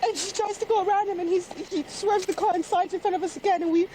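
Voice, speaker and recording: A young woman crying while giving police a rushed, halting account, recorded outdoors on a body camera. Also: very high-pitched, fairly even intonation, warm tone. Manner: breathless, halting, rushed retelling. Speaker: crime victim giving a statement. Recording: noisy police bodycam audio.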